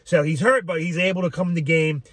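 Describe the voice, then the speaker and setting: A man's voice: on the high side, steady tone, fast, fairly bright tone. A man giving a casual fan reaction to a football game, rambling with frequent "um"s and swearing freely. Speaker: sports fan commentator.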